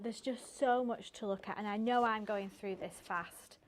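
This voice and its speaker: A woman's voice: mid-range voice, fairly even intonation, normal speed, a little hiss or hum. A woman presenting craft deals on shopping TV, gushing and upbeat. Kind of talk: enthusiastic sales chat. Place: TV craft studio.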